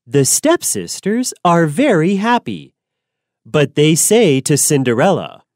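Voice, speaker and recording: Slow low-voiced woman storyteller. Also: very animated, darkish tone, dry recording, clean studio sound. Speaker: narrator. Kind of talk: slow, clear storybook narration for learners.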